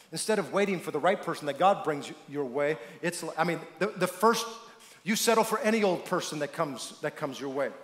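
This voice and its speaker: A male pastor delivers an emphatic sermon in a high voice, pausing to throw questions to the congregation so they can complete his thoughts. His voice echoes around a large church sanctuary, with a long reverb tail. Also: fairly bright tone.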